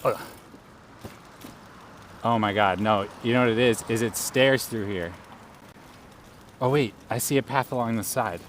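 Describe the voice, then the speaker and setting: A man's voice: mid-range voice, measured pace, long pauses, a little hiss or hum. A man live-streaming outdoors while cycling through city streets, chatting casually with his viewers.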